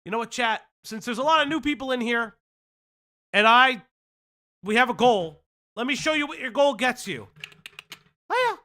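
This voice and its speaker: High, bright-voiced man ranting profanely. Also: normal speed, long pauses. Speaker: stream host. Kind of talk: live-stream commentary.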